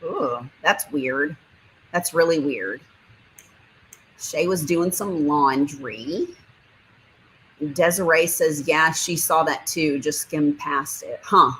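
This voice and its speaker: A woman with a notably low-pitched voice hosts a relaxed livestream. She reads viewer comments aloud and answers them in a chatty, friendly way, laughing often. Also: slow, pauses often, a little hiss or hum, rough recording. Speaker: livestream host. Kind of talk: casual livestream chat reading viewer comments.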